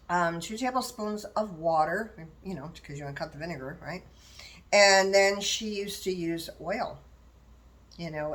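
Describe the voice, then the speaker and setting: Chatty older woman, slightly low voice. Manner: chatty and rambling, talking straight to viewers. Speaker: vlogger sharing plant-based diet tips. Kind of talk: casual how-to chat while preparing food.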